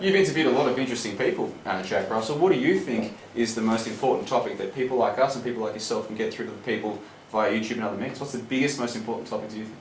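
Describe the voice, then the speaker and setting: A man hosting a podcast, quickly putting questions to a guest. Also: lowish voice. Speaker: podcast host. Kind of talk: interviewing guests. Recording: echoey room with noise.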